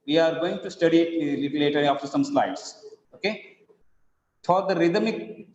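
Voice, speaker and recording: A teacher talks over his slides. He speaks slowly, repeats points and spells words out letter by letter. His voice sits fairly high, and the recording is muffled and lo-fi, with a long reverb tail. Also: a little mellow, a little hiss or hum. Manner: slow, repetitive explaining with spelled-out examples. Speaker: English teacher. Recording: echoey, dull lo-fi room recording.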